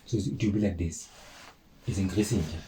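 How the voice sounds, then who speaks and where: A man's voice: low voice, normal speed, mellow, slight background noise, rough recording. A man teaching a maths lesson, talking informally to his viewers and repeating key points. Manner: chatty, addresses viewers as guys, repeats himself. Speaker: maths tutor.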